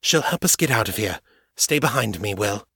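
A man reading the part of a determined woman leading a rescue, in a calm, clipped, commanding way. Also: fairly low pitch, moderate pace, slightly rough, dry recording, clean studio sound, full character voice. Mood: grim resolve.

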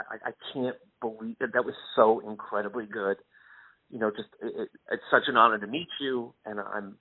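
A man, a guest musician, telling a lively anecdote in a casual interview and acting out the voices he quotes. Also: mid-range voice, breathy edge, no echo. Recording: tinny phone-like line.

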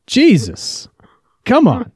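Co-host, man, playful teasing banter, mellow tone, animated pitch. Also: husky, no room sound, clean studio sound. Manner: playful, quick to laugh, teasing. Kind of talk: casual banter podcast.

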